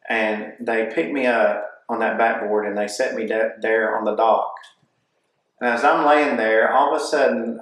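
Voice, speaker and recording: Man, personal testimony, animated storyteller, acts out quotes, mid-pitched voice, very echoey room. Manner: animated, acts out what people said. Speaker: testimony speaker.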